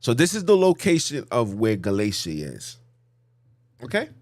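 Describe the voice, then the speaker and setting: A man's voice: medium pitch, huge pitch swings, moderate pace, a little mellow. A man hosting a podcast, teaching scripture in a casual preaching style, repeating phrases and asking the listeners questions. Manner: repetitive, emphatic, rhetorical questions.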